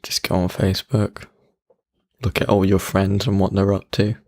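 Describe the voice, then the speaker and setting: Sarcastic low gravelly man muttering insults. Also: completely flat delivery, normal speed, a little mellow. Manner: crude, sarcastic, mutters insults under his breath. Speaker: podcast co-host. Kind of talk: casual banter podcast. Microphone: studio mic he keeps bumping.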